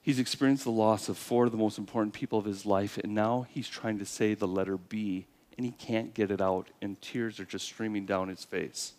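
With a lowish, steady voice, this male pastor preaches through heartfelt stories, rising to loud emphasis and then easing into hushed, slower lines.

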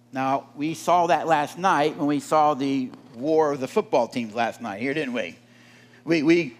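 A man preaching a sermon, animated and often asking the congregation questions. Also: on the high side.

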